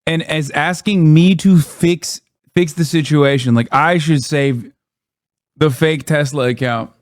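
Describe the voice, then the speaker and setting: A man's voice: fairly high pitch, unhurried, dry recording, clean studio sound. A man live-streaming, ranting in blunt, profane casual commentary and mocking what he reacts to.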